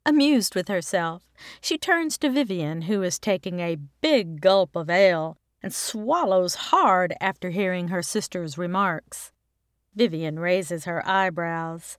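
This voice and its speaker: A woman from Texas, an author reading her own short story aloud in an even, clear way. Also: medium pitch, takes it slowly, dry recording, clean studio sound. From Texas, United States. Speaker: author and narrator. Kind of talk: scripted storybook narration.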